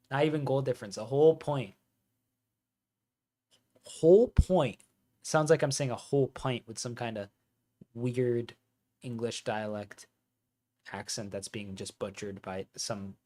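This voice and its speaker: Excitable man commentating a football watch-along. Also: mid-range voice. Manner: excitable fan commentary, reads out scores and reacts to chat.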